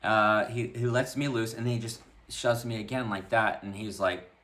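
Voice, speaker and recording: A man with a low voice speaks in a casual vlog. He recounts a personal story to his viewers in an animated, conversational way and often restarts his sentences along the way. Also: normal speed. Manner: animated retelling, full of "like" and restarts. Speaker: vlogger.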